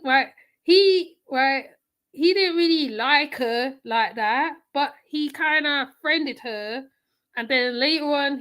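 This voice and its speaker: A woman's voice: sits high, a bit bright. A woman host giving blunt, repetitive casual commentary while reacting to a video clip. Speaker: channel host reacting to clips.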